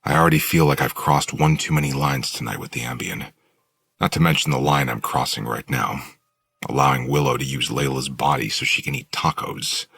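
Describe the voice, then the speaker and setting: Very deep gravelly male narrator. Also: fairly even intonation, brisk, fairly bright tone, dry recording. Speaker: audiobook narrator. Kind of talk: first-person novel narration.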